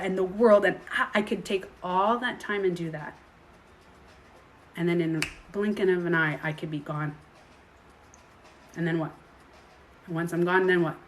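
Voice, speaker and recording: A woman's voice: on the low side, slight background noise. A woman coach talking straight to the viewer in a chatty, rambling way, now and then acting out other people's voices. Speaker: self-projection coach. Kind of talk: casual direct-to-camera monologue.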